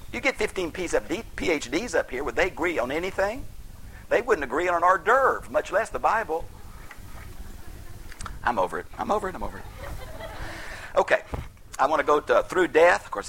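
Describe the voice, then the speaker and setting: A man's voice: medium pitch, vocal fry, bright, forceful tone, a little hiss or hum, poor audio. A man teaching the Bible in a folksy, emphatic sermon style that flares into heated outbursts.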